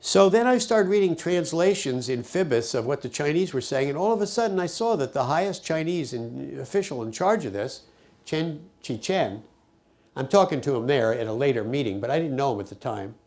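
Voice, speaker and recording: Animated older man telling his story. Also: mid-range voice, brisk. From United States. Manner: animated storyteller, acts out quoted speech. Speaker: peace activist recounting his diplomacy. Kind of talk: personal storytelling to camera.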